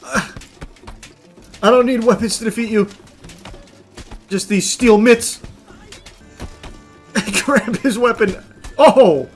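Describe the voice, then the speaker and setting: High-pitched, excitable gaming commentator man. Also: slow, pauses often, faint music behind. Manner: excitable, yelling, cursing and laughing in bursts. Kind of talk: live gameplay commentary.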